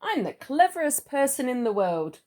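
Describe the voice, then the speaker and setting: A woman's voice: sits high, big pitch swings, moderate pace, mellow. A woman voicing a boastful male know-it-all from a children's storybook, announcing himself proudly.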